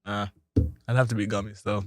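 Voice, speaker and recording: A man's voice: fairly low pitch, flat delivery, a little fast, faint music behind. A man co-hosting a casual podcast chat, slangy and laid-back, laughing often. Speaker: podcast co-host.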